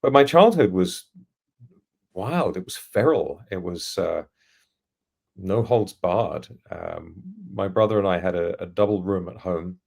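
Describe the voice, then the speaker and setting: Deep gravelly man with a posh English accent. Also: animated, measured pace, a little mellow. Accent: standard English, trained by acting lessons. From England, East London. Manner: articulate, reflective, anecdotal, laughs now and then. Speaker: podcast guest, futurist. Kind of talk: casual storytelling in an interview.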